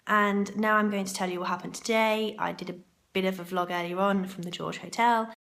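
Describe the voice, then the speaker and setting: A woman's voice: mid-range voice, fairly even intonation, a little fast, vocal fry, fairly bright tone. A woman vlogging to camera in a chatty, rambling way, her throat sore and groggy. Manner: chatty and rambling, with asides to herself. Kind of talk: chatty vlog monologue. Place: hotel ladies' room for part of it.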